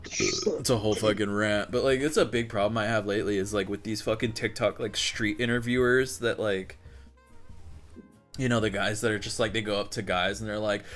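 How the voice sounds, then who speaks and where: Man, low-voiced and bright, loose sweary rant, quiet music under. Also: steady tone, brisk. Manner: swearing, ranting, mocking impressions. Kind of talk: casual chat.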